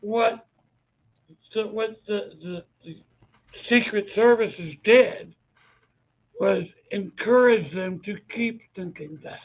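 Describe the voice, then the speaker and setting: A man co-hosting a podcast, chatting casually with relaxed back-and-forth remarks. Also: sits high, slow pace, long pauses, lo-fi sound. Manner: relaxed, many filler acknowledgements. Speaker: podcast co-host. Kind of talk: casual conversation.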